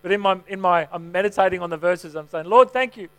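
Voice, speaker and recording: Male pastor, middle-aged, higher voice; easy, storytelling sermon delivery. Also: fairly even intonation, fast, smooth. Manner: conversational, self-mocking storytelling.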